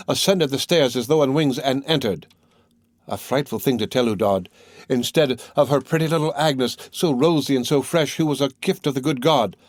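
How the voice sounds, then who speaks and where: A man's voice: medium pitch, darkish tone, dry recording, studio quality, close to an everyday voice. A man voicing a grieving woman who tells a sad tale in an earnest, storytelling way. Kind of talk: scripted narration.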